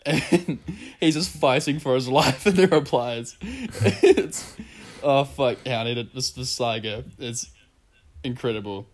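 A man's voice: mid-range voice, animated, measured pace. A young New man hosting a podcast, chatting loosely and giggling as he goes. He swears freely and reads online comments aloud in a loose, joking way. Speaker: podcast host. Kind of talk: casual podcast chat.

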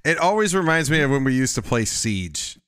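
Lively joking male podcast host. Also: mid-range voice, a little fast, smooth, no room sound, clean studio sound. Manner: joking, meandering with restarts. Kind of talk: casual chat.

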